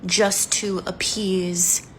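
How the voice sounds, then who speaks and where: A woman's voice: mid-range voice, flat delivery, drawn-out words, fairly bright tone, a little hiss or hum. A woman in her forties speaking frankly in a candid vlog monologue, telling a personal story in a blunt, unfiltered way. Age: 40s.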